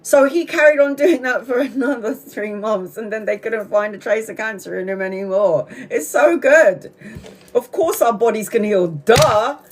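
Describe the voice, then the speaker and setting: A woman's voice: fairly high pitch, normal speed. Blunt, swearing woman telling a story. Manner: profane, blunt, animated storyteller; laughs often while talking. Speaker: tarot reader live-streaming. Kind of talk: casual live-stream chat.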